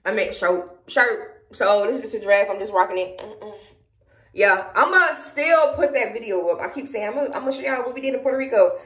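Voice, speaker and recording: A woman's voice: on the high side, animated, brisk, reverberant. A young Southern woman from Georgia chatting casually to her phone camera at home, frustrated and rambling as she speaks her mind. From Georgia, USA. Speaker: vlogger. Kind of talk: casual vlog talk to camera. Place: at home, indoors.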